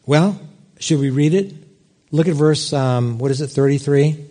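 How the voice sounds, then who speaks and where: A middle-aged man preaching a sermon, telling a personal story with lively swings in his voice. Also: a little slow. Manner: animated storytelling, big swings in pitch.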